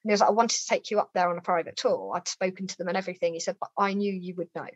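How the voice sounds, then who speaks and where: Talking very fast in a lowish voice, this interview guest tells her own story with lively energy, raising her voice to act out the dialogue of people she quotes. The sound is dry, lo-fi, and slightly dull.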